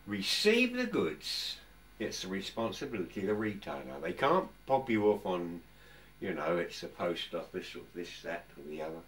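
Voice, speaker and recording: Picked up on a distant mic, this older English vlogger has a low voice. He talks casually to camera in his home workshop, rambling chattily and frequently breaking off to restart sentences.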